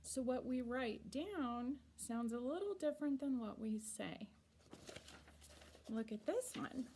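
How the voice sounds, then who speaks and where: Slow, patient woman teaching young children. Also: high-pitched, animated, mellow, slight background noise. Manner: slow, patient, deliberately sounds words out. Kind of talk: reading lesson for children. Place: school or classroom.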